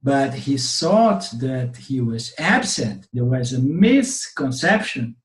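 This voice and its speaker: Roomy-sounding teacher with a Brazilian Portuguese accent. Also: male voice, mid-range voice, takes it slowly. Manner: animated storyteller, checks in with "okay?". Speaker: Vedanta teacher. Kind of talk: storytelling in an online class. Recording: roomy webinar audio.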